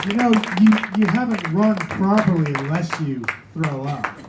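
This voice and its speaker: A man's voice: high-pitched, lively intonation, normal speed, a loud crowd. A man hosting a live show, loose and chatty, often filling with "uh.". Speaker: show host. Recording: echoey room with background noise.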